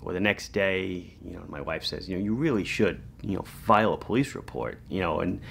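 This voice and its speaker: A middle-aged man tells a story in a low, gravelly voice, acting out the quotes as he goes. A faint hiss sits under the recording. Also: a little fast. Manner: animated storyteller, acts out quotes. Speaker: watch shop owner. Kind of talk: storytelling vlog.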